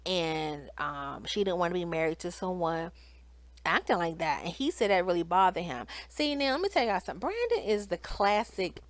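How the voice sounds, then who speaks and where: A woman's voice: on the low side, expressive, moderate pace, dry recording. A woman, chatting animatedly to her viewers as she recaps and reviews a reality TV episode. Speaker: TV show reviewer. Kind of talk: casual recap commentary.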